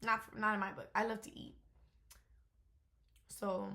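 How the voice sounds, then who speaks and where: A woman's voice: mid-range voice, little pitch movement, slow, long pauses, fairly bright tone. Candid young woman vlogging, rambling freely. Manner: candid, rambling, frequent fillers and swearing. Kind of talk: casual unscripted update.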